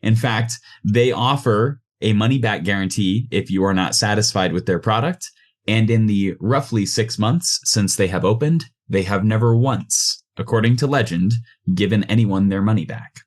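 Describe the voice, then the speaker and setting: A man narrating a tabletop game as game master, relaxed and loose, with frequent ums. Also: fairly low pitch, moderate pace.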